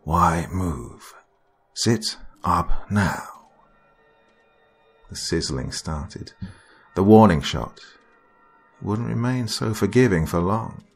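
A man reading a horror story as narrator in a slow, dramatic storytelling manner. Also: sits low, husky.

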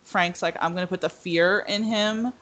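A woman's voice: lowish voice, fairly even intonation, moderate pace, fairly bright tone. Young woman rambling with many fillers. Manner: rambling, filler-heavy, acts out quotes. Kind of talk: casual podcast discussion.

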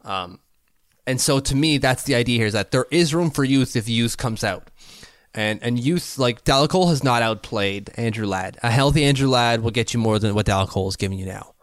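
A man from Canada in his thirties talks through sports topics in a casual podcast chat, analytical and quick to laugh. His voice sits at an ordinary middle pitch. It is recorded dry and close, with no room sound. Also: no echo. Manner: chatty and analytical, laughs easily. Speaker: podcast co-host. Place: home basement.

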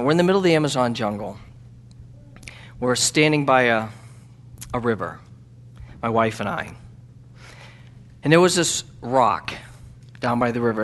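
A man, a missionary, telling a story in a church sermon, halting with ums and restarts, then building to loud fervent preaching. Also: mid-range voice. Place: church sanctuary.

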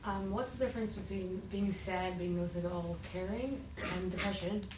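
A woman's voice: mid-range voice, normal speed. A woman in the audience asking a tentative, thoughtful question. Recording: distant, echoey room mic with noise.

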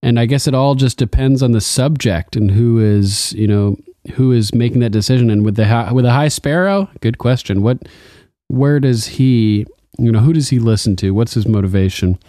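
Mellow laid-back man chatting. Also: medium pitch, moderate pace, no room sound, studio quality. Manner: laid-back, chuckling, jokey. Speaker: podcast co-host. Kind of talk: casual TV recap chat.

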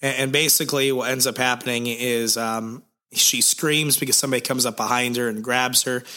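Bright-voiced man recapping a comic. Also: mid-range voice, brisk. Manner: lively storytelling, crude jokes, many fillers. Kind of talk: casual comic recap chat.

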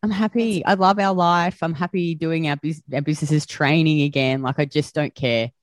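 A woman's voice: deep voice, steady tone, normal speed, no room sound, clean studio sound. A woman podcast host talking candidly and openly, full of fillers and casual swearing. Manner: chatty, swears freely, many "like" fillers. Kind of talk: candid conversational chat.

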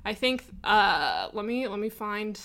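A woman's voice: mid-range voice, big pitch swings, measured pace, creaky, fairly bright tone. A young woman chatting casually on a podcast, rambling with many fillers. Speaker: podcast player asking listener questions. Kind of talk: casual chat.

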